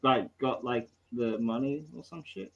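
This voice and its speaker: Slow-talking laid-back man. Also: mid-range voice, creaky, dull audio, crowd noise. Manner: laid-back, trails off with fillers. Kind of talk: casual crude chat.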